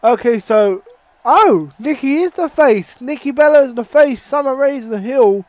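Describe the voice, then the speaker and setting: A young man giving casual, excitable, swearing play-by-play commentary over a wrestling video game. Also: extremely high pitch, measured pace, dry recording. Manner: excitable and profane, with sudden outbursts. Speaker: gaming channel host.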